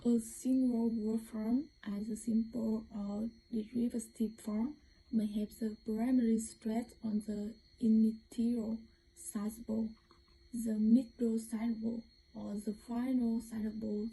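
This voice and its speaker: A young woman with a Vietnamese accent presents a lesson as a student, reading slowly and carefully, now and then stumbling and starting over. Her voice is dark and mellow and sits a little high, with a flat, even melody. A faint hiss of background noise runs under the recording. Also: creaky, low-quality recording. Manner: careful, halting reading with restarts.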